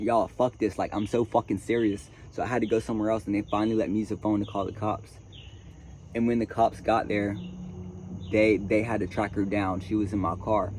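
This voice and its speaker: A man vlogging outdoors, telling a story in a lively way and talking straight to his viewers. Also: on the low side, slight background noise. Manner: animated, addresses viewers as chat and y'all. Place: outdoors at a tent camp.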